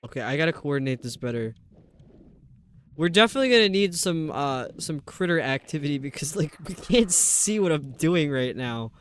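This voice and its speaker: A male game streamer rambles along to his viewers while he hunts for a way through the level. His voice sits a little high for a man. A faint noise floor hums beneath him. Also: expressive, moderate pace. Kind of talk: casual live-stream chat while gaming.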